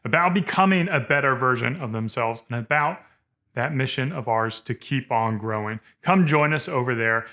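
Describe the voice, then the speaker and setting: Host guy doing a scripted plug, direct and upbeat, bright punchy voice. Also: mid-range voice, expressive, moderate pace. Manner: direct, upbeat call to action. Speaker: channel host. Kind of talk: scripted promo.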